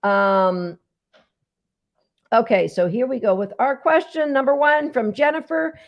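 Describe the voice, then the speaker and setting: A woman with a fairly high voice answers viewers' questions as a dog trainer. She is chatty and emphatic and talks straight to the people watching. The recording sounds dull and lo-fi. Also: a little slow. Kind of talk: casual live Q&A teaching.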